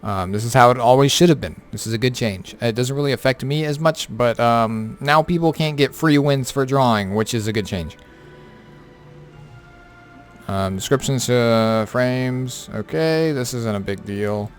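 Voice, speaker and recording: A man's voice: medium pitch, moderate pace, hardly any pauses, soft background music. A tired man who has been up all night, casually going over game patch notes with lots of fillers and offhand remarks. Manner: rambling, filler-heavy, offhand. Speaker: gaming content creator.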